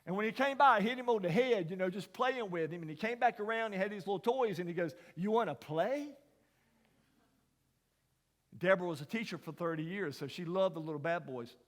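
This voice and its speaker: Folksy man preaching in a reverberant hall. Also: sits high. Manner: folksy, dramatic storyteller, drops to whispers and rises to near shouts. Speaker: chapel speaker. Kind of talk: storytelling sermon. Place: large university chapel.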